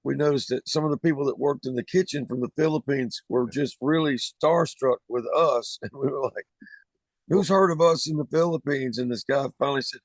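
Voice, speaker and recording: A man's voice: mid-range voice, steady tone, a little fast, hardly any pauses, dry recording. A man with a Southern US accent, a band singer telling easygoing stories as a guest in a casual podcast interview.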